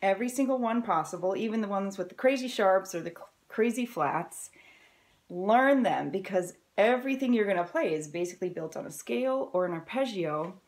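A woman's voice: mid-range voice, expressive, fairly quick, darkish tone. A woman violin teacher giving a friendly, encouraging lesson to camera, explaining step by step in an upbeat way.

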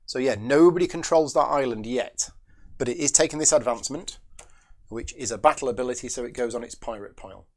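A man's voice: mid-range voice, a little fast. Man thinking aloud through a board game. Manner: muses aloud, questions and answers himself; chats with viewers between moves. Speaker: board game channel host.

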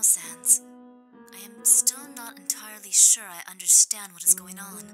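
A gentle, motherly monster woman, voiced by a woman speaks in a soft, earnest, polite voice. Music plays clearly underneath. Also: mid-range voice, natural voice, rough recording.

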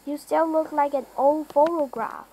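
A woman's voice: high voice, moderate pace, dark tone, rough recording. A woman reading the lines of an urgent young boy in a storybook.

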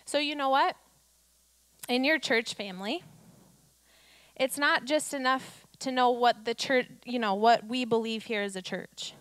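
A woman pastor preaching with a slightly high voice, her talk easy and conversational before it swells into emphatic declarations. The sound is dry and close, with no room echo. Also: a little slow, pauses often, a bit bright. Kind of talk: sermon.

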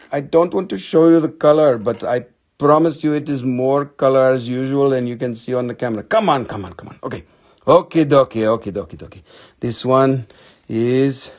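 Hosting a live mineral sales show, this young man speaks at medium pitch with a darkish tone. His banter is full of jokes, teasing and casual swearing, and he keeps dropping into goofy put-on voices.

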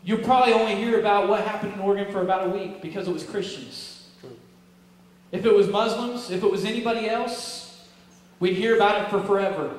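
A man preaching a sermon to his church, emphatic and full of rhetorical questions, swinging between loud peaks and hushed stretches. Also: high voice, steady tone, brisk. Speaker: pastor. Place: church sanctuary. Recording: echoey hall from far off, faint noise.

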